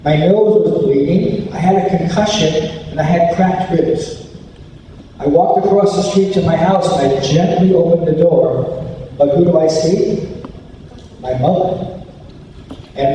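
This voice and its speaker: Animated man telling a story in an echoey hall. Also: high-pitched, a little slow, long pauses, a little hiss or hum. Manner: animated storyteller acting out quotes. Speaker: anti-bullying speaker. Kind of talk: storytelling school assembly talk. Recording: echoey hall recorded from far off.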